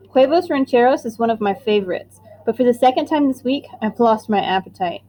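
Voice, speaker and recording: A woman's voice: on the high side, lively intonation, brisk, hardly any pauses, dark tone, a little hiss or hum, rough recording. A woman reading a middle-grade novel aloud in the first person, with plain and earnest storytelling. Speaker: audiobook narrator. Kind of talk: first-person audiobook narration.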